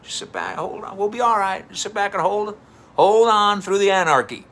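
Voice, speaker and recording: A man doing a comic impression of a folksy older male team owner, telling a down-home story in a drawn-out way. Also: medium pitch, bright, forceful tone, a little hiss or hum. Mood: rallying.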